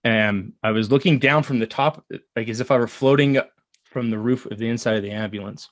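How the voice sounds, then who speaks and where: An earnest man in his thirties recounts a personal story, pausing and restarting often. His voice sits mid-range, and the recording is dry with no room sound. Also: medium pitch, dry recording. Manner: earnest, halting with fillers and restarts. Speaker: guest. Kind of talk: casual storytelling.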